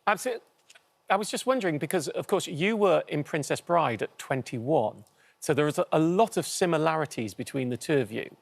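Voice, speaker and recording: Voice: mid-range voice, expressive, brisk, creaky. A podcast co-host with a mixed Manchester and London accent, asking curious questions with frequent stammering restarts. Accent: Manchester and London mix.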